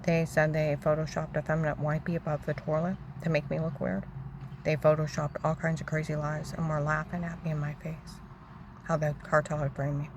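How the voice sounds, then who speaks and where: A woman telling a long, rambling, agitated story about her own grievances, repeating herself and acting out other people's shouting. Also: deep voice, level tone, brisk, background noise. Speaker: storyteller recounting personal grievances. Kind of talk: rambling personal monologue.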